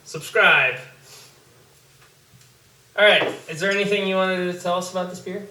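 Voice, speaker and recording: A man hosting a casual podcast with a bright, forceful voice and plenty of energy. He sits a little back from the mic in a roomy space with faint background noise. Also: sits high, moderate pace. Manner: energetic, laughs often, loud exclamations. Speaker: podcast host. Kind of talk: casual chat. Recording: echoey room, mic at a distance.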